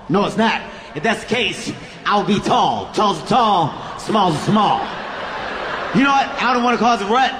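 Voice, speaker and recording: A man doing stand-up comedy, telling an animated story and acting out both sides with shouted punchlines. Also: high voice, normal speed, echoey room, a little hiss or hum.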